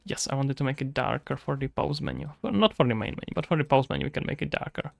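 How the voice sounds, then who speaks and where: Gravelly Czech-accented man streaming. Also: mid-range voice, fast, no room sound, studio quality. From Czech Republic. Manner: chatty, joking, thinking aloud. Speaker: game developer streamer. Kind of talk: casual livestream chat.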